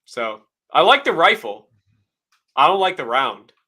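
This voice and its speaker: Bright-voiced man talking gear. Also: fairly high pitch, very animated, unhurried, slightly rough. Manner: brief reactions, opinionated gear talk. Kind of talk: casual chat.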